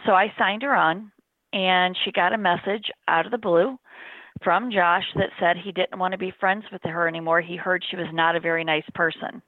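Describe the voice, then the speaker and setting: A woman's voice: lowish voice, fairly even intonation, normal speed, dry recording. A middle-aged woman telling a personal story as an interview guest, in an earnest, plain-spoken way. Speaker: interview guest, bereaved mother. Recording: dry, phone-like narrow sound.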